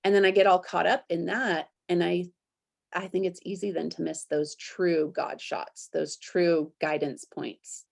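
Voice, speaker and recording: A woman hosting a podcast, reflective and candid, who acts out her inner voices with sudden high jumps. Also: fairly even intonation, measured pace, gravelly. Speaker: podcast host. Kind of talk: conversational interview.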